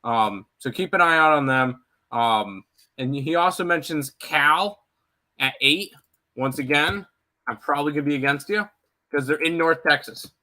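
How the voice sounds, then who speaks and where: Blunt, bright-voiced betting analyst, man. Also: a little high, lively intonation. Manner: quick, blunt picks with fillers. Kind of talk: casual sports betting chat.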